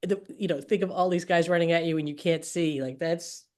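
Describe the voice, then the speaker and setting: A woman's voice: fairly low pitch, steady tone, brisk, darkish tone. A woman hosting an interview, chatting casually with many fillers and easy laughter. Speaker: podcast host.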